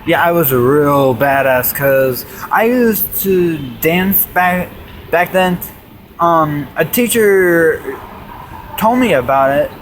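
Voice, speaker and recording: A man's voice: fairly high pitch, animated, slow pace. A young man telling rambling jokes and stories in a comedy monologue, jumping between bits and put-on voices. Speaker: amateur comedian. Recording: faint background noise.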